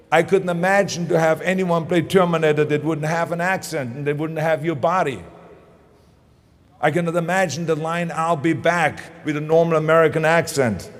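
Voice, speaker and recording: A man with a German accent giving an emphatic motivational talk, driving his points home with repeated phrases. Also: fairly high pitch. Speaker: motivational speaker. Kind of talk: motivational speech and interview clips.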